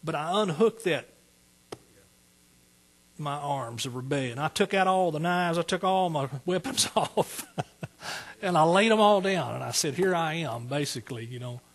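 A husky-voiced older man preaching a sermon. His voice sits a little high for a man, and his talk moves between quiet, halting testimony and fervent, rising exhortation.

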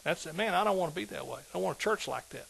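Husky, emphatic preacher. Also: male voice, high voice, animated, rapid-fire, poor audio. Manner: emphatic, rising to loud exhortation. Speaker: pastor. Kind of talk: sermon.

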